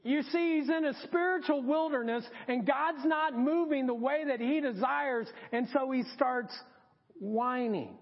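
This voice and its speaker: A man's voice: very high-pitched, normal speed, few pauses. A man preaching a sermon as pastor, emphatic and repeating his key points. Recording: dull recording with long hall reverb.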